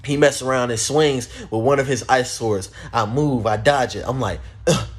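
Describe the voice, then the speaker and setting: A man narrating a story-time vlog in a casual, animated way, often calling out to his viewers. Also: medium pitch, moderate pace. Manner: animated, addresses viewers as guys and y'all. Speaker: storytime vlogger.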